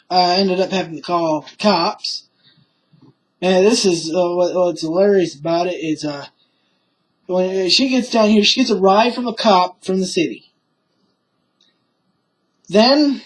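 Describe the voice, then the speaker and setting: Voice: mid-range voice, poor audio. A young adult speaker recounting a story off the cuff, in a loose, rambling voice. The talk is full of swearing, filler sounds and restarted sentences. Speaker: vlogger telling a personal story.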